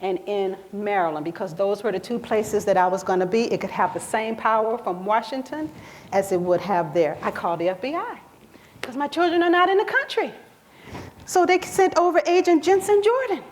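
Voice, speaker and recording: A woman's voice: on the high side, normal speed, a little hiss or hum. A woman giving a speech about her own life, acting out the voices of the people in her story. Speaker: survivor sharing her story. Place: event hall.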